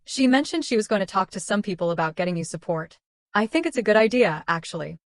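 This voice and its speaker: A woman's voice: mid-range voice, lively intonation, quick pace, no room sound, clean studio sound, close to an everyday voice. Woman reading as a patronizing young husband. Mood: condescending. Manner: patronizing, exasperated. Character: dismissive young adult husband, man.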